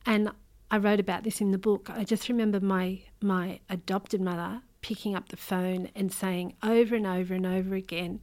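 A woman's voice: medium pitch, steady tone, moderate pace, a little mellow. Earnest Australian woman telling her story. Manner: earnest, hesitant, with many ums and restarts. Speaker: interview guest, memoir author. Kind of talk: emotional personal storytelling.

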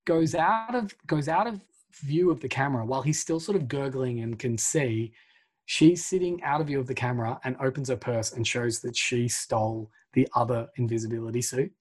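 A man's voice: mid-range voice, moderate pace, slightly rough. A man co-hosting a podcast, casually retelling a film plot in a chatty way full of fillers and the odd swear. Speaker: podcast co-host.

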